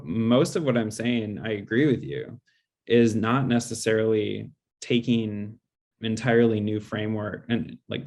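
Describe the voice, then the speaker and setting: A man speaker answering audience questions in a webinar, measured and explanatory, with frequent fillers. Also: on the low side, darkish tone. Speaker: guest speaker.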